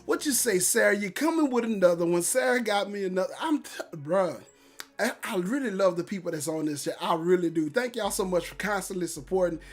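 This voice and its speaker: A man's voice: high-pitched, lively intonation, brisk, faint music behind. Man hosting a casual morning livestream, hyped and encouraging, reading viewer comments aloud. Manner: hyped, upbeat encouraging talk; loose and repetitive, with restarts and catchphrases. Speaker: livestream host.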